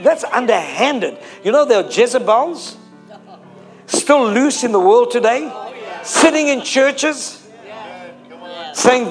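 A man preaching with a very high voice, pressing each point again and again and calling out to his listeners for an answer. Soft music plays faintly behind him in the service. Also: lively intonation, slow pace, long pauses. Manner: repetitive, emphatic, calls on the listeners to answer. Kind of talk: sermon.

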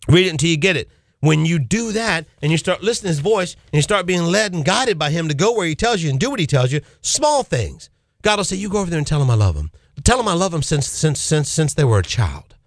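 A man preaches on his own Christian call-in radio show, fervent and emphatic, hammering home phrases by repeating them. His voice sits high and swoops up and down with lively energy. The sound is dry and close, straight from a studio mic. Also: no room sound.

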